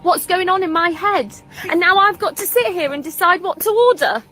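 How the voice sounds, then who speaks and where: A woman's voice: very high voice, normal speed, bright, forceful tone. A woman in an online clip, talking straight to the camera in an anxious, rambling complaint.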